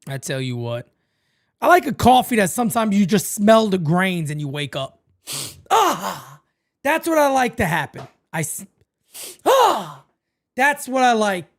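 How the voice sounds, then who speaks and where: A man hosting a live-stream watch party, calling the baseball game and chatting with viewers in a casual, excitable way. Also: measured pace, long pauses. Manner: animated, jumps into high excited calls then drops low and quiet.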